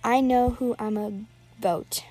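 A woman's voice: fairly high pitch, steady tone, takes it slowly, warm tone, soft background music. A woman giving live, rambling commentary while playing an online game, nervously narrating every move aloud.

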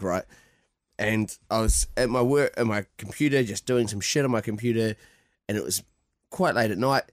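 Man, middling pitch, dry close mic, excitable storyteller, podcast guest. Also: no echo. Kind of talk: casual storytelling.

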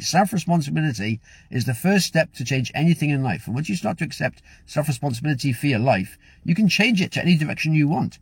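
A man's voice: fairly high pitch, animated, fast, creaky, husky, no echo. A man giving a chatty motivational monologue as a coach, telling a story and laughing now and then.

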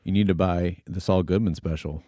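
A man co-hosting a casual chat who tells stories haltingly, trailing off mid-sentence. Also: sits low, fairly even intonation, warm tone, dry recording, clean studio sound. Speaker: podcast co-host.

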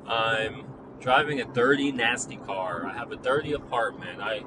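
A man's voice: medium pitch, normal speed. A young man casually telling a personal story, rambling with lots of "like" and acting out both sides of past conversations. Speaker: vlogger. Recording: steady traffic and vehicle noise outdoors.

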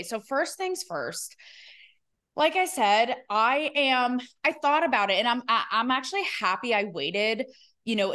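A woman's voice: mid-range voice, fairly bright tone. A woman hosting her own podcast, giving candid, rambling, emotional commentary and fighting back tears. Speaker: podcast host.

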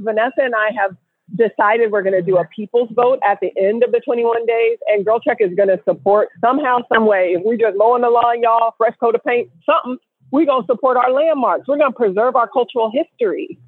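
A woman co-hosting a casual call-in podcast, a lively storyteller who slips into the voices of people she quotes. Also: on the high side, brisk, dry recording. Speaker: co-host. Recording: tinny phone line, dry.

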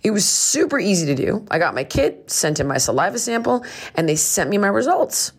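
A woman's voice: mid-range voice, big pitch swings, a little fast, breathy edge. A woman hosting a podcast, reading a sponsor ad in an upbeat way, speaking straight to her listeners. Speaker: podcast host. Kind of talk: ad read.

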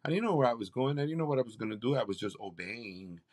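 A man's voice: mid-range voice, fast talker. A man, a campus pastor, sharing a personal testimony in conversation and acting out the people in his story. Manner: animated storyteller, acts out quoted voices.

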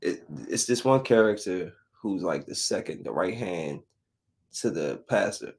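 Gravelly-voiced man ranting casually. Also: fairly low pitch, a little slow. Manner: blunt, rambling, emphatic repetition. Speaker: vlogger reviewing shows. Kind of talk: casual chat.

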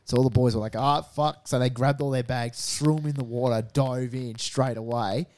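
A man co-hosting a casual podcast, talking at an average pitch. He tells stories with plenty of swearing and jumps into acted-out quotes. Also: brisk. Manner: swears freely, acts out quotes in animated storytelling. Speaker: podcast co-host. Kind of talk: casual chat.

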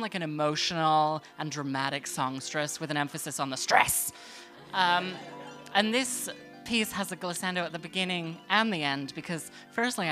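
A woman's voice: lowish voice, sharp tone. A woman harpist doing comedic stage banter between songs, sardonic and self-deprecating, with rambling asides. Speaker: harpist and songwriter.

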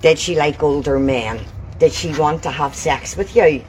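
A woman's voice: sits low, normal speed, darkish tone. Woman, confronting and accusing, recorded on a noisy street. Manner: accusing, interrogating. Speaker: confronting vigilante. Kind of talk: heated confrontation.

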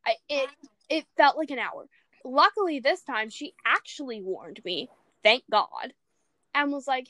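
A young woman in casual chat, telling stories in an animated way and acting out quoted lines. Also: sits high, normal speed, dry recording. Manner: animated storytelling, acts out quotes.

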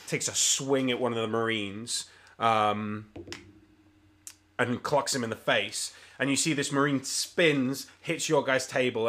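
Bright-voiced male game master. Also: mid-range voice. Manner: casual, swearing, many ums. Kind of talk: narrating a tabletop game.

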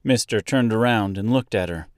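A man reading a storybook aloud as narrator, in a slow, measured, even way. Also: fairly low pitch, no echo, clean studio sound.

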